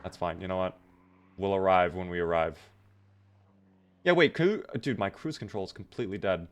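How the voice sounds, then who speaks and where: Chatting with viewers during a live game stream, a man keeps things casual and jokey, swearing without restraint. His voice is deep and his pace moderate.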